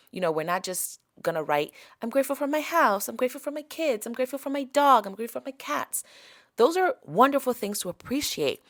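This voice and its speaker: A woman's voice: medium pitch, no room sound, clean studio sound. A woman from Africa with an African accent, hosting a podcast and teaching in a coaxing way that keeps checking in with her listeners. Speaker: podcast host. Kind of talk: motivational teaching talk.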